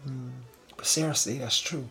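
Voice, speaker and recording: A young man in a soft-spoken boyfriend role-play, talking to the listener in a gentle, teasing, affectionate way that sometimes sinks into breathy murmurs. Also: mid-range voice, fairly even intonation, moderate pace, faint music behind.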